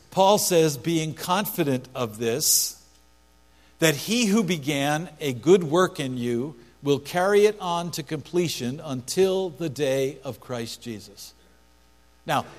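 A man's voice: a little high, expressive, slow. A male pastor preaching a sermon, emphatic, repeating key phrases for stress. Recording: long hall reverb with mains hum.

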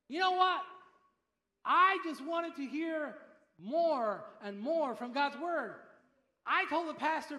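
An older man delivers a lively sermon, acting out the people in his stories. His voice sits very high and sounds bright and forceful. The room around him is echoey. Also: slow pace. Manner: animated storyteller, acts out quoted voices. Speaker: pastor.

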